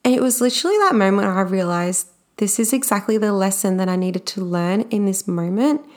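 A young woman with a medium-pitched, slightly mellow voice talks briskly, casually, and candidly about her own experiences at work, using lots of everyday fillers as she tells her story.

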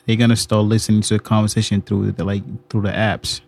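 A male podcast co-host with a New York accent, talking casually in a halting way with many fillers. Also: fairly low pitch, level tone, vocal fry, a little mellow. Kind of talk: casual chat.

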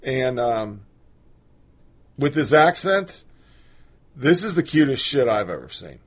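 A man's voice: mid-range voice, very animated, slow, very noisy. A man hosting a podcast, ranting bluntly with profanity in casual political commentary. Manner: blunt, profane, opinionated rant. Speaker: podcast host.

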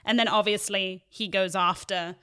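A woman's voice: medium pitch, steady tone, normal speed, sharp tone, clear, resonant tone. A woman co-hosting a podcast, talking with enthusiasm and a few hesitations. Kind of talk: casual podcast chat.

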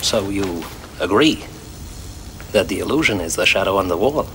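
A man's voice: deep voice, expressive, normal speed, fairly bright tone. An actor playing an arrogant, confident male cameraman with a German accent and a bombastic, self-assured manner. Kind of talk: film drama acting. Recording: film clip with background noise.

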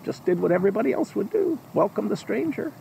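A big-hearted folk-tale farmer who throws his door open to strangers, as a male storyteller puts him on. He exclaims in a high voice that leaps around in pitch. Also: big pitch swings, quick pace, gravelly, dark tone, lo-fi sound, slight background noise, exaggerated voice. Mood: welcoming. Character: warm-hearted hospitable farmer, tough and generous.

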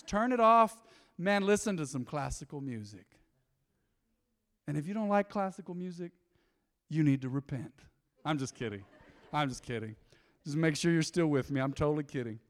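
A man pastor preaching a lively, joking sermon in a church. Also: high-pitched, normal speed. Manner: animated, joking, folksy. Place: church sanctuary. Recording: long hall reverb.

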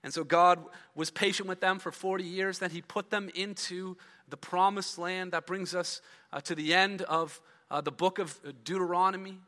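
A man's voice: sits high, steady tone, moderate pace, bright, forceful tone. A man preaching a sermon as a pastor, reading scripture aloud, then explaining it with rising emphasis and trailing drops. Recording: long reverb of a large hall.

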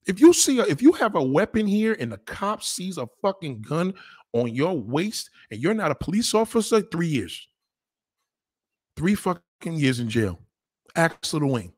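Animated New York man, lively swearing rant. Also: on the high side, moderate pace, no echo, studio quality. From New York City. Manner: animated, swearing, mimicking others. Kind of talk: casual profane monologue.

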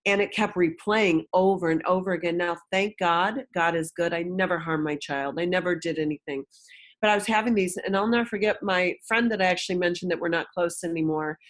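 A woman's voice: fairly low pitch, a little fast. A woman guest in an interview, frankly telling a personal story and acting out the voices of people she quotes.

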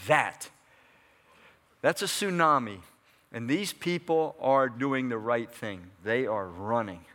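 A man's voice: medium pitch, takes it slowly, pushed and bright. A man preaching a sermon in a conversational way, asking his congregation questions and answering them. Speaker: pastor. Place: church hall before a congregation.

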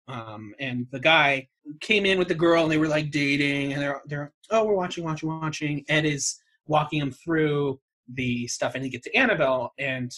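Guy co-hosting a chill podcast, kinda husky, bright tone, swears a lot, pokes fun at himself. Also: medium pitch. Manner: wry, swears freely, laughs at himself. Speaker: podcast co-host. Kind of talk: casual storytelling chat.

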